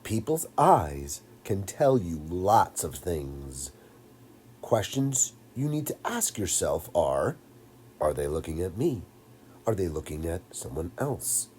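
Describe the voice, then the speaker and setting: A man teaches children in a slow, deliberate narration. His voice sits very low and warm, yet it rises and falls widely as he speaks to the kids directly. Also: sing-song, a little hiss or hum.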